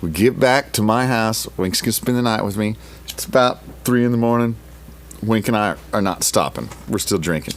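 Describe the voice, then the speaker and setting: A man's voice: on the low side, moderate pace. A middle-aged man from Oklahoma, a guest musician telling a long story in a casual, rambling, profane and emotional way.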